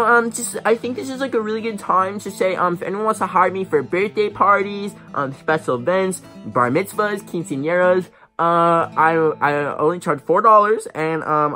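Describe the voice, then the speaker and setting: A young man hosting a comedic vlog, playful and full of slang, mocking himself as he goes. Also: pushed and bright. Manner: squeaks like a rat in high bursts. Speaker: vlogger.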